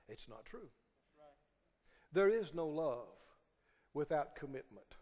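Male preacher, high and swooping voice, sermon with call-and-response, long church reverb. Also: very animated, slow, pauses often, darkish tone. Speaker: pastor. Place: church sanctuary.

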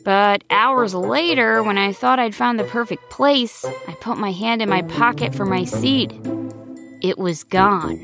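A woman voicing a nervous, chatty nine-year-old male gnome with a raspy voice, in a children's audio story. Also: mid-range voice, measured pace, close to an everyday voice. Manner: rambling, self-interrupting. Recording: soft background music.

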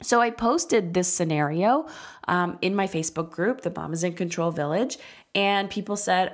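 A woman in her thirties hosting a solo parenting podcast, speaking candidly and conversationally, slowing down to stress key points. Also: on the low side. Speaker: podcast host and parenting coach.

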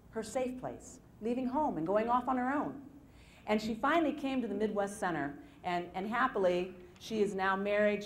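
Woman telling stories to a seminar audience. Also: mid-range voice. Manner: storytelling, lively retelling with repeated phrases. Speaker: self-help seminar speaker. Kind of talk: motivational talk to an audience.

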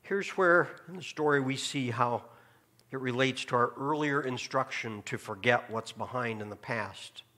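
A man preaching a sermon as pastor, asking the congregation questions and dropping to a hushed tone to make a point. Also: medium pitch, normal speed. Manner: preaching with rhetorical questions and sudden drops to a hushed tone. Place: church sanctuary.

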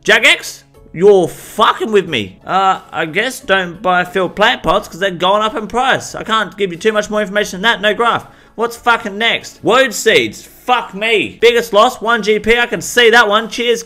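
A man's voice: sits high, unhurried, soft background music, pitched above the performer's own voice. A man putting on a brash, sweary market reporter. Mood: exasperated. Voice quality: profane, shouty rants. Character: brash loud male market reporter, easily riled. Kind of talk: comedic character bit.

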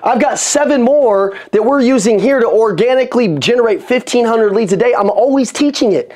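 A man giving an energetic motivational talk on sales to an audience, repeating phrases for emphasis. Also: sits high, fairly quick, hardly any pauses. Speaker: sales coach. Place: room with an audience.

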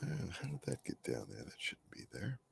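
A man's voice: low-pitched, huge pitch swings, normal speed, creaky. A man with a scratchy voice chatting casually as he paints on a live stream, often muttering to himself and trailing off mid-sentence. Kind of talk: rambling live-stream chat while painting.

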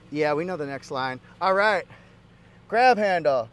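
A man with a fairly high voice walks around a vehicle, pointing out features in an upbeat, playful way. He drops jokey asides as he goes, like a cheerful car reviewer. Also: sing-song, unhurried, fairly bright tone.

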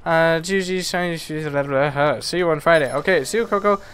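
A man streaming a video game live, chatting with viewers and reacting excitedly and goofily to the play. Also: on the high side, fairly quick, clear, resonant tone. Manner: excitable, goofy, talks to chat. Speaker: gaming streamer. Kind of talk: live gameplay commentary.

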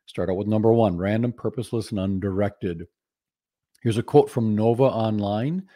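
Man, guest speaker, lecture presentation, humorous, numbered points, warm low voice. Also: normal speed, dry recording, clean studio sound.

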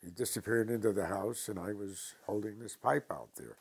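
An older man from New York telling stories from his past slowly and with dry humor in an interview. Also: lowish voice, breathy edge. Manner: slow, deliberate anecdotes with dry humor. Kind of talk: storytelling interview.

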